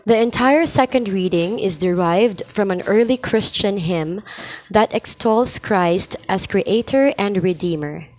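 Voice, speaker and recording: Woman lector, mid-pitched voice, unhurried and deliberate delivery, coaching scripture reading. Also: rough recording. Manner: measured, deliberate, pausing between phrases. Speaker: lector practice host. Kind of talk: slow liturgical reading practice.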